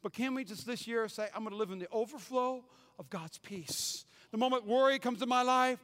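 A man preaching a sermon as pastor, emphatic, repeating key phrases and swinging from loud to hushed. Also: very high voice, a little fast. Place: church sanctuary. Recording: hall reverb, church sanctuary.

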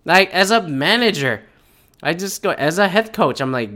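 A young man giving casual, rambling commentary as a podcast host, profane and full of animated quoted asides. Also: sits high, moderate pace.

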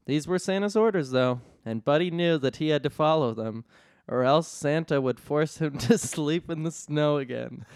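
Man narrating an absurd story, deadpan, fairly high voice, dry close mic. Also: normal speed, hardly any pauses, dry recording. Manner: deadpan narration, often breaking into laughter. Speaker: storyteller host. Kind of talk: reading an absurd comedy story aloud.

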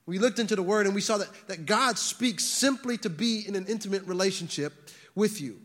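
Man, pastor, high voice, casual sermon delivery, stumbles and repeats words, long hall reverb. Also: brisk, a bit bright. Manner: conversational, restarts words, frequent fillers.

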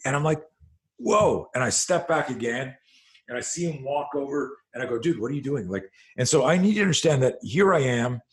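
A self-defense instructor in middle age tells an interview story at a brisk pace, his voice mid-range. Profane and animated, he swears freely while acting out the scenes as he goes.

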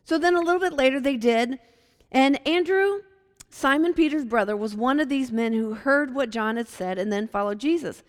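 A woman from Virginia teaching a Bible passage in a casual, animated way, acting out the quotes in lively voices. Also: high voice, moderate pace, long reverb tail. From Hampton, Virginia.

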